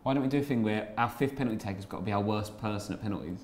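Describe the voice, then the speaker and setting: A man's voice: on the low side, rapid-fire, over a noisy crowd. A man, a comedian hosting his own channel, chatting and teasing his guest while playing a video game and laughing often. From South East London.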